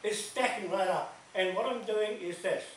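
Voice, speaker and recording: In a large meeting hall, a man with a high-sitting voice tells stories at normal speed to a community gathering, emphatic and repetitive, laughing between points. The animated talk is recorded from far away, echoing, with faint noise.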